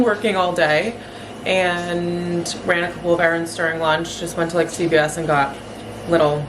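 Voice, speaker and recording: A woman in her twenties chatting casually in a home vlog, upbeat and full of "like" fillers. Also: lowish voice. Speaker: lifestyle vlogger. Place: apartment at home. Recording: echoey room, faint background noise.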